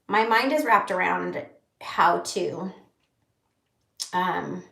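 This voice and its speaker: Woman, 30s, livestream vlogger; candid rambling chat, gravelly edge, roomy echo. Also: on the low side, sharp tone. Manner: rambling, candid, pauses to read comments. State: holding back tears.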